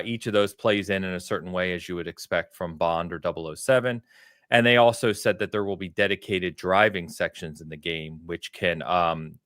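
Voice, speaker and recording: A low-pitched American man hosts a casual gaming podcast, talking in a loose, rambling way full of fillers. The sound is dry and close. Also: no echo. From United States. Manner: relaxed, rambling storyteller with filler words. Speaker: podcast host.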